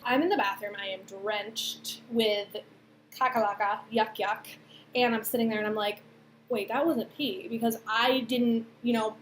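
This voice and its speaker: A young woman in her twenties telling a personal story to camera, chatty and animated, with lots of fillers and acted-out quotes. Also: on the high side, measured pace. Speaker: vlogger. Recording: echoey room, faint background noise.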